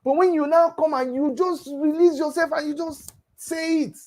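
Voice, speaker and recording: A man's voice: very high voice, steady tone, moderate pace, hardly any pauses, darkish tone. A man delivering an impassioned, preachy monologue broadcast, scolding and repeating himself for emphasis. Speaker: broadcaster addressing critics.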